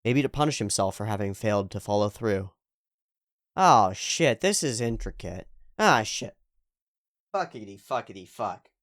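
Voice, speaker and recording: Man reading and reacting casually. Lively, swinging pitch, dry close sound, emphatic and profane. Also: normal speed, no room sound. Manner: emphatic, swears freely, repeats points for stress. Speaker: manga reader and reactor.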